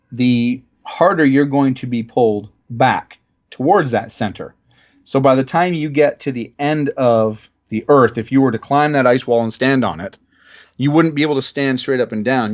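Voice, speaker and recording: A man's voice: medium pitch, dull audio. A man from Ontario, Canada, a podcast guest in casual conversation, earnest and thoughtful, often searching for words.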